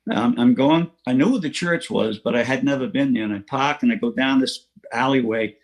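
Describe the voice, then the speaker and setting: Older man, middle pitch, plain-spoken storyteller at a recovery meeting, restarts and small laughs, online-meeting audio. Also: brisk. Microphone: online meeting from home.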